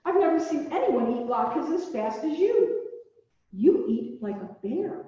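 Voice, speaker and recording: A woman's voice: high voice, big pitch swings, a little slow, dark tone, pitched above the performer's own voice. A woman voicing a kindly, fussing old grandmother in a storybook reading, chatty and doting. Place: large echoey church hall. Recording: distant, dull, echoey hall recording.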